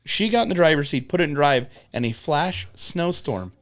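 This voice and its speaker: A young podcast co-host with a fairly high-pitched voice relates road stories at normal speed in a casual chat. His storytelling is animated, laced with swearing, and he performs people's words as he quotes them.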